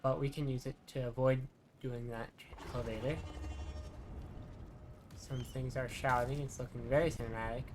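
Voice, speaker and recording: A streamer giving relaxed, chatty commentary while playing, muttering asides. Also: medium pitch, normal speed, long pauses, background noise. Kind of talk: casual gameplay commentary.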